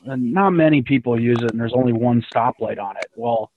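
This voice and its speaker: A man's voice: mid-range voice, brisk. Profane man telling stories over a tinny line. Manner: profane, animated storytelling. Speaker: build team member. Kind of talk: casual chat. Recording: tinny phone-like sound with faint noise.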